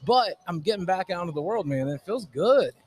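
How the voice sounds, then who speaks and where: Brief: male guest, rowdy and profane, fairly high-pitched, casual storytelling. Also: fast. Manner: rowdy, sweary, animated storyteller. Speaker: guest YouTuber. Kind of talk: casual convention podcast chat. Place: comic convention.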